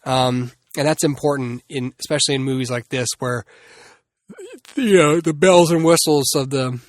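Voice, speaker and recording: A man's voice: mid-range voice, steady tone, moderate pace, no room sound, studio quality. A man hosting a solo movie review podcast, rambling and restarting often with many fillers. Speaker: podcast host.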